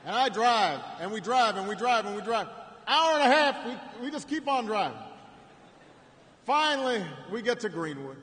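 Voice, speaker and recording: A man giving a storytelling campaign speech at a rally in a large arena, with frequent repeated words and restarts and pauses for effect. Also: high voice, big pitch swings, bright, forceful tone. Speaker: political speaker at a rally. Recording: echoing arena with faint ambience.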